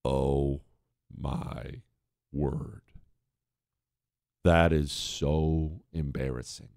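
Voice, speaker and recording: A male talk radio host delivers a sarcastic, ranting monologue. His pitch swings widely, and his voice sits close and dry on the mic. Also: no room sound.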